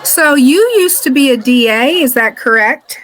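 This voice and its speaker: A woman interviewer hosting a casual talk, asking relaxed, friendly questions and laughing along. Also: high-pitched, normal speed, poor audio. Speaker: interviewer, host.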